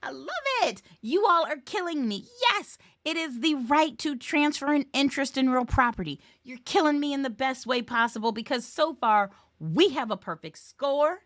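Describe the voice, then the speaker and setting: A woman with a fairly high voice, teaching exam questions in a bubbly, playful way. She is recorded on a close, dry mic with no room sound. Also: lively intonation, moderate pace, hardly any pauses, no echo. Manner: playful, chatty, sings snippets and cheers. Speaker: real estate exam tutor. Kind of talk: live webinar teaching.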